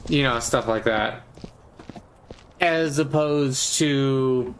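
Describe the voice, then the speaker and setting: A man's voice: very slow, slight background noise, rough recording. A man streaming while chatting casually, rambling and playful with lots of fillers. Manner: rambling and playful, many fillers, bursts into squeaky silly voices. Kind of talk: casual gaming stream chat.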